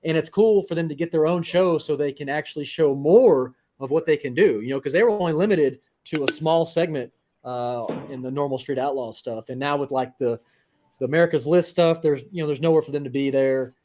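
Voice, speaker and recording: Laid back racer guy on a call, bit higher voice, keeps saying you know. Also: brisk, dark tone, a little hiss or hum. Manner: easygoing, repeats himself, says "you know" a lot. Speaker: guest racer. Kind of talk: casual interview.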